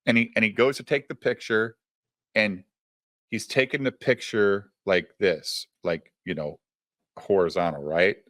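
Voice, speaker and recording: A man tells a story in a loose, chatty way, swearing freely and turning to his listener as he talks. His voice sits fairly low. It is recorded close and dry, with no room sound. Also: a little slow, dry recording. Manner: profane, animated, addresses the listener directly. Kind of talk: casual storytelling.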